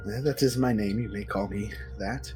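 A grim war priestess in service of a dark god, as a man puts her on, gravelly and low-pitched. She speaks solemnly and with measured calm. Faint music plays underneath. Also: lightly acted, low-quality recording. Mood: cold.

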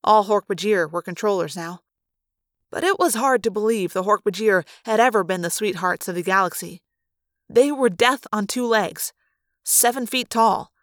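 A woman narrates a first-person adventure in a steady, expressive storytelling style. Her voice sits in the middle range. The recording is dry and close, with no room sound. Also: mid-range voice, moderate pace, no room sound. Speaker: audiobook narrator.

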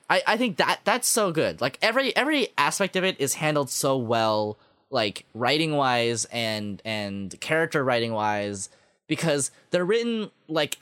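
A man co-hosting a podcast chats casually about an anime, rambling with plenty of fillers and restarts and sounding enthusiastic about what he likes. His mid-range voice is a bit bright, recorded at studio quality with no echo.

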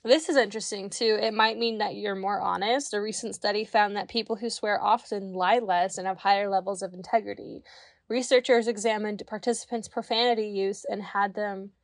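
A woman's voice: medium pitch, fairly even intonation, fairly quick, no echo. Young woman, podcast co-host, laid-back, dry close mic, casual chat. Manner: laid-back, reads facts then riffs jokingly. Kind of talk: casual chat reading study findings.

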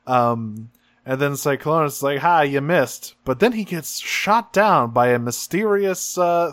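A man chats through an episode recap as a podcast co-host, loose and full of casual swearing. His voice sits at an ordinary middle pitch. The sound is dry and close, with no room echo. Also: fairly bright tone. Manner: loose and profane, with frequent fillers.

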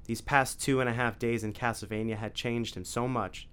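A man narrating an adventure story as an audiobook, with clear, evenly paced storytelling. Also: medium pitch, little pitch movement, moderate pace, a bit bright.

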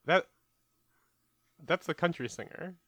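A young man co-hosting a comedy podcast, animated and easily exasperated, with deadpan jokes. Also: on the high side, takes it slowly, no room sound. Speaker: podcast co-host. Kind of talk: casual comedic chat.

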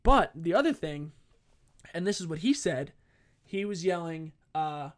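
A man with a notably high voice recounts a comic personal story in a casual way. He swears freely, interrupts himself, and gets animated as the story builds. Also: moderate pace. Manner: profane, animated, self-interrupting.

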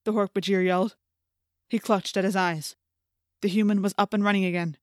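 A woman's voice: mid-range voice, no echo. Woman reading an audiobook, dry close sound. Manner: measured, steady storytelling with intense, climbing passages. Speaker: audiobook narrator. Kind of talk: scripted first-person audiobook narration.

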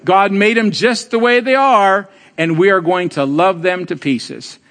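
High-voiced older pastor preaching in a hall. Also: male voice, a little slow, fairly bright tone. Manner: storytelling, teasing the congregation; emphatic preaching with rising exclamations. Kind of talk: sermon. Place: church sanctuary. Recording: long hall reverb.

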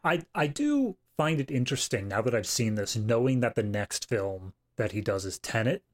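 A man's voice: mid-range voice, sing-song, normal speed. A man co-hosting a film podcast, talking casually with dry humour. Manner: wry, dry jokes. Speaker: podcast co-host. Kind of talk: casual film review chat.

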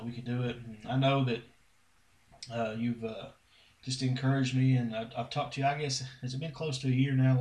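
A man hosting a casual podcast chat, relaxed and drawling with lots of fillers. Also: mid-range voice, recorded from a distance. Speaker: podcast host. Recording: echoey room.

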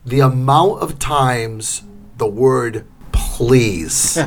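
A middle-aged man co-hosting a podcast, chatting casually and acting out scenes in loud, shouted bursts. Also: medium pitch, very slow, slight background noise. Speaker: podcast co-host. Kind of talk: casual chat.

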